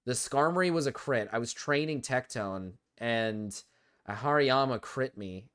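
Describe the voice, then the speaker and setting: A man's voice: mid-range voice, expressive, moderate pace, a bit bright. A young man with a cold, swearing and complaining in frustration as he commentates a live gaming stream. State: sick with a cold.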